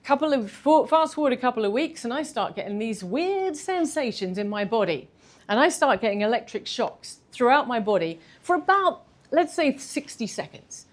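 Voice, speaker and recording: A woman, telling a candid personal story in a talk, animated and self-deprecating. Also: a little high. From London. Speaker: speaker giving a talk.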